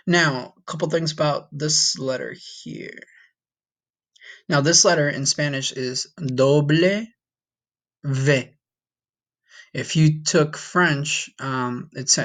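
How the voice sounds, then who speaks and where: Slow, patient male Spanish teacher. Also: fairly high pitch, fairly bright tone. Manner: patient, repeats each sound, encouraging. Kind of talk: recorded language lesson.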